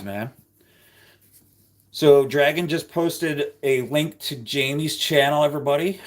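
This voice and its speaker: A man hosting a livestream, chatting casually with viewers and reading their comments out loud. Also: on the high side, measured pace. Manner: chatty, rambling, ranting. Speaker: livestream host.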